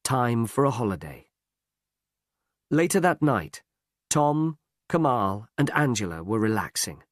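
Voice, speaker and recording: Slow, expressive male storybook narrator. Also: medium pitch, no room sound. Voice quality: slow, lively delivery. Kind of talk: audiobook narration. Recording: dry close recording.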